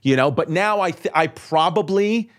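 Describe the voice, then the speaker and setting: A man, a comedian guest on a podcast, telling a story in quick, profane bursts and acting out the people he quotes. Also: a little high. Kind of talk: animated storytelling.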